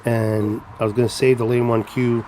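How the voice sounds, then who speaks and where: A man's voice: mid-range voice, little pitch movement, moderate pace, darkish tone, slight background noise. A man hosting a casual live stream, rambling as he greets viewers by name and walks around his home with a handheld camera. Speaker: livestream host.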